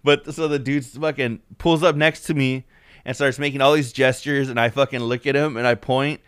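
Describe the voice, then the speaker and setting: Smooth-voiced man telling rambling stories. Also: mid-range voice, steady tone, moderate pace, no room sound, clean studio sound. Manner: profane, rambling storytelling with lots of fillers. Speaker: podcast co-host. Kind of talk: casual chat.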